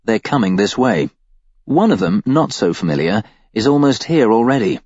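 A man narrating a first-person audiobook with a wry, deadpan delivery. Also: on the low side, normal speed, dry recording, muffled recording.

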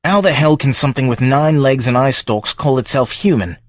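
A man playing a gruff, irritable villager who talks bluntly and swears. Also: mid-range voice, expressive, fairly quick, no room sound, clean studio sound, pitched above the performer's own voice, close to an everyday voice. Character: gruff irritable male villager, worried about farms.

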